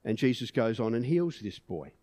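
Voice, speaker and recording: A man's voice: mid-range voice, big pitch swings, moderate pace, warm tone, no echo. A man preaching a sermon in an earnest way, pushing emphatic peaks on key words.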